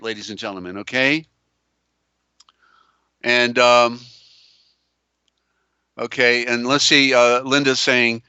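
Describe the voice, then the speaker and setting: A man's voice: on the high side, bright, forceful tone, clear, resonant tone, no room sound, muffled recording. A man hosting a live call-in show. He talks emphatically and repeats himself, with many fillers and restarts. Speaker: host. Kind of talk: live call-in show, reading viewer comments.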